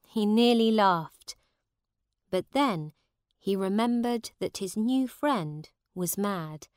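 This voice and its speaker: A woman reading a simple story aloud in a clear, measured way. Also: mid-range voice, a little mellow, dry recording, clean studio sound. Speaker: reader. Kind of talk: slow storybook narration for learners.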